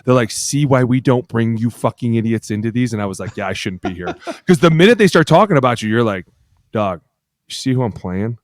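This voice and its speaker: A man's voice: mid-range voice, expressive, brisk, no room sound, studio quality. A man co-hosting a casual podcast, a rowdy, profane storyteller who acts out the dialogue in his stories. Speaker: podcast co-host, former football lineman.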